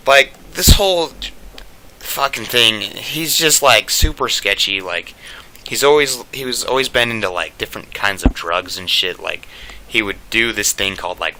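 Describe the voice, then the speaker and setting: A young man rambles through a profane storytime, leaning on "like" at every turn. His voice sits low but comes across bright and forceful. A faint hiss hangs behind him. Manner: rambling, profane, full of "like" fillers. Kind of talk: casual storytime rant.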